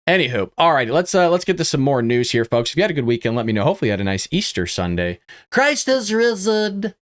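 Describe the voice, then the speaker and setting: Chatty male host with a lively voice. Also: mid-range voice, rapid-fire. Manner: chatty, conversational, lots of "you know what I mean". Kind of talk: casual political commentary livestream.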